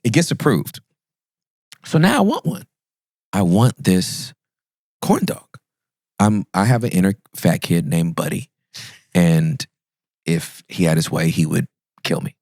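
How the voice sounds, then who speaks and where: Gravelly, animated male storyteller. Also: measured pace, long pauses, no room sound, studio quality. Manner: playful, self-mocking, swoops up high for punchlines. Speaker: pastor and podcast guest. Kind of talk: animated comic storytelling in a podcast interview.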